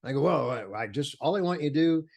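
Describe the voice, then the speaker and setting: An older man, a photographer, talks fast in a slightly high, gravelly, darkish voice full of animation. Telling stories in an interview, he's enthusiastic, acts out the voices of people he quotes, and uses many fillers and restarts.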